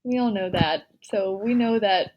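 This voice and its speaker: A woman's voice: mid-range voice, measured pace, lo-fi sound, slight background noise. A young woman from Michigan co-hosting a podcast, chatting casually and acting out what people said to her. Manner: chatty, animated storyteller who acts out quotes. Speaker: podcast co-host. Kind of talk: casual chat.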